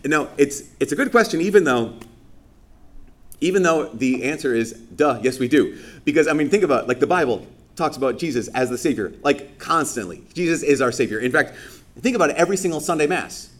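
A man's voice: on the high side, animated, a little fast. A man giving a conversational sermon as a priest during Mass. He talks casually with lots of fillers and acts out people's reactions.

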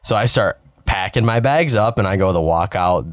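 Low-voiced young man telling a story. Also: expressive, normal speed, dry recording, studio quality. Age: young adult. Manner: laid-back, tells an anecdote step by step. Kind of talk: casual chat.

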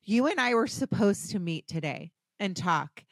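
A woman's voice: mid-range voice, lively intonation, moderate pace, no echo. A woman hosting a podcast interview, talking in an emotional and eager way. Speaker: podcast host.

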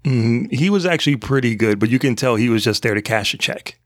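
A man's voice: medium pitch, lively intonation, a little fast, dry recording, clean studio sound. A man co-hosting a casual movie podcast, rambling and laughing often. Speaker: podcast co-host. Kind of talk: casual movie review chat.

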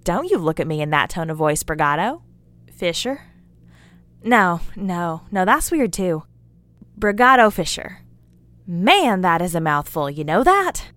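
Woman voicing a folksy, scolding rambler; lively low voice, dry close sound. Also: a little slow, long pauses, no echo. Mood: rambling. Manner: chatty and scolding, with folksy asides. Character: folksy, rambling woman lecturing a listener about memes. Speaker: character in an audio drama monologue. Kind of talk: scripted character monologue.

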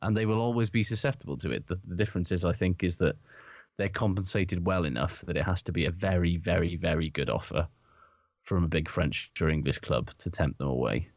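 A man's voice: low-pitched, brisk, a little mellow, no echo, dull audio. A man co-hosting a podcast, chatting casually about sport, rambling, swearing and laughing often. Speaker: podcast co-host.

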